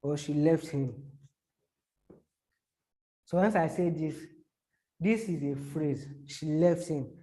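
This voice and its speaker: A man teaches online marketing in a halting, repetitive way. His voice sits fairly high but sounds mellow and soft-edged. He keeps breaking off to act out short examples. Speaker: social media marketing teacher. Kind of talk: explaining to a small audience.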